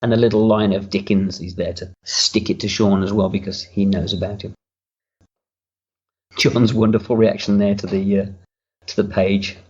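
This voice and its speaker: Low-voiced man giving candid commentary. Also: level tone, moderate pace, darkish tone, muffled recording. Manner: candid, rambling, swears casually. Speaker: writer-director giving commentary. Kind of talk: relaxed audio commentary. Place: home room.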